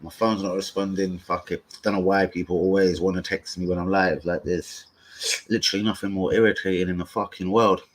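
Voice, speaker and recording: A man's voice: low voice, level tone, a little fast. Slangy, profane young man streaming live. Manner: profane, combative banter with chat trolls, slangy. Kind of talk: casual live-stream chat.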